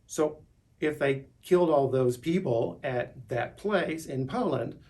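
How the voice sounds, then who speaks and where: A man's voice: medium pitch, slow, darkish tone. A middle-aged man talking in a rambling, unscripted monologue, restarting words and pushing his voice upward when he gets worked up. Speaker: vlogger.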